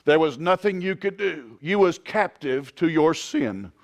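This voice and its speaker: A man preaching a sermon as pastor, swinging from quiet, drawn-out lines to loud shouted climaxes. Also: fairly high pitch, expressive. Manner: impassioned preaching, rising to shouts.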